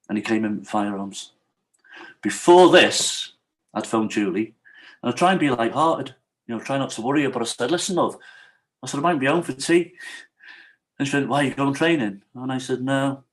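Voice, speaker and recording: A man's voice: medium pitch, rough recording. A man, a podcast guest, telling a true story in a casual interview and acting out the quoted dialogue.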